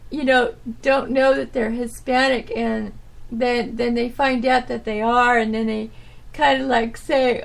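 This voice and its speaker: A woman's voice: fairly high pitch, flat delivery, a little slow, vocal fry. A woman hosting her own podcast, chatting casually and rambling with lots of fillers and trailing thoughts. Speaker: podcast host. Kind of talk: casual solo chat.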